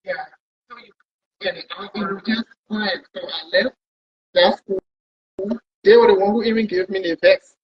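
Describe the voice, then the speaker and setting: This is a husky, high-sitting male voice, unhurried and marked by long pauses. As a pilot guest, he tells a loose, rambling story of his long trip and keeps repeating words. The lo-fi recording has a dull sound.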